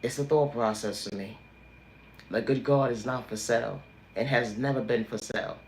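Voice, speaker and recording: A livestream host lectures his viewers in a preachy, motivational way, leaning on the same emphatic refrains as a preacher would. He speaks at normal speed in a mid-range pitch, with an echoey room and a faint hiss underneath.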